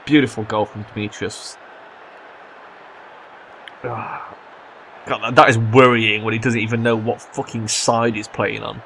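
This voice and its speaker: A young man commentating his own football management game, swearing and yelling at his players when they mess up. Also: fairly low pitch, steady tone, unhurried, pauses often, a little hiss or hum. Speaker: gaming commentator. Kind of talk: let's play commentary.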